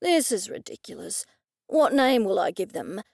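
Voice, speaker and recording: Narrator lady playing an aussie guy, blunt, grudging, kinda loud, dry booth sound. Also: high-pitched, big pitch swings, normal speed, vocal fry, dry recording, heavily acted. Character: reluctant young Australian bloke, grumbling but game.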